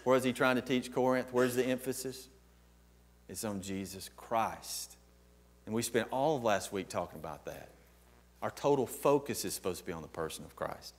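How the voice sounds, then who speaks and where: A man's voice: on the low side, lively intonation, normal speed. A man preaching a sermon as pastor, emphatic and posing questions to the congregation.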